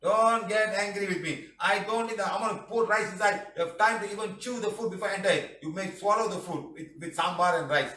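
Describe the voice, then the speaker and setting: Fast and forceful, with few pauses, a middle-aged healing teacher delivers a live class in a high, bright voice. He teases and jokes, reads viewer comments aloud, and caps phrases with "huh?" and "lah," all captured through a distant mic in an echoey room.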